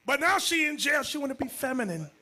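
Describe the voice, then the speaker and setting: A man teaching as bishop, telling stories to a class and swinging into loud, shouted points. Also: very high-pitched, sing-song, quick pace. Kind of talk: animated class sermon.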